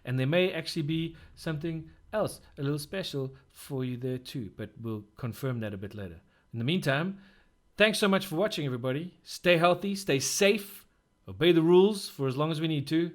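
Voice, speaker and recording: A man's voice: fairly high pitch, expressive, a little fast. A man hosting a casual gaming podcast, upbeat and enthusiastic as he wraps up. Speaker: podcast host. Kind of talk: casual chat.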